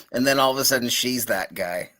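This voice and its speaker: A man's voice: mid-range voice, a little fast, sharp tone. A man chatting casually on a video call, rambling with lots of filler words and chuckling often. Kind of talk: casual chat.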